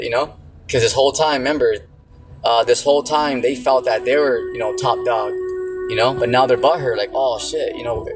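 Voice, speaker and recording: A man's voice: medium pitch, low-quality recording. A man preaching in a casual, slangy way, often saying "you know" and "see". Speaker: religious teacher. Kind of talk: informal preaching.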